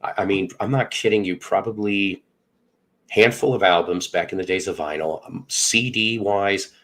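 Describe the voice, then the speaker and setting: A man's voice: sits low, moderate pace, fairly bright tone. A middle-aged man from Northern Illinois, casually telling a profane story and acting out the dialogue. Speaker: podcast host.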